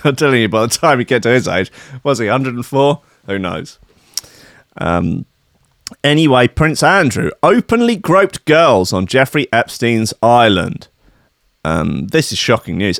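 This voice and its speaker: A man's voice: medium pitch, huge pitch swings, moderate pace, creaky, a bit bright, no room sound, clean studio sound. Sweary man riffing on the news. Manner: sweary, rambling, sardonic. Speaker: podcast host. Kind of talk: comic rant about the news.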